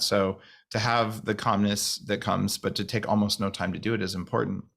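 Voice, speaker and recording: A man talking fast and rambling to a group on a call, with many restarts. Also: lowish voice, creaky. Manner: fast talker with restarts, slows voice to demonstrate calm. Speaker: guest speaker on a video call.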